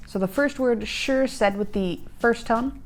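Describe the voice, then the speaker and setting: Her voice a little high and her pace measured, a language-learning host leads a lesson over soft background music. She explains conversationally, uses filler words, and keeps glancing down at notes.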